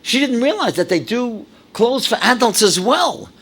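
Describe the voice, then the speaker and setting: A man in his seventies from New York, a rabbi telling stories in a dramatic, animated lecture. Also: extremely high pitch, moderate pace, slightly rough. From New York, USA. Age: 70s. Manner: animated, dramatic storyteller with sudden drops and exclamations. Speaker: rabbi, speaker. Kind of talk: storytelling lecture to an audience.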